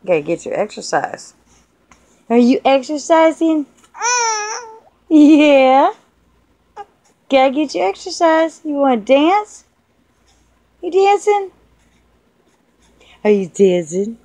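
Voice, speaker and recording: Woman, young mother, baby talk, coaxing, playful, fairly high voice, slow pace, phone held close. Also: big pitch swings, mellow, no echo. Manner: sing-song, coaxing and playful. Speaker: mother filming her baby. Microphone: phone held over the baby.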